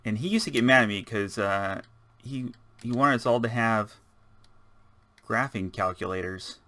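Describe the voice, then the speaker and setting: A man's voice: on the low side, a little slow, pushed and bright, dry recording. A man giving rambling, casual let's-play commentary, chatting and muttering to himself as he builds. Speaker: gaming channel host.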